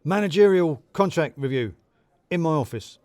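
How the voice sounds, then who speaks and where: A man's voice: on the high side, animated, normal speed, darkish tone, dry recording, studio quality, pitched above the performer's own voice, lightly acted. A man voicing a pompous male office boss who blusters and turns hysterical. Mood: blustering.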